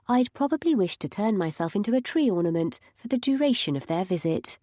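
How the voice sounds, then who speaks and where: A woman's voice: medium pitch, fairly quick, hardly any pauses, no echo. A woman narrating a first-person audiobook with wry, dry humour.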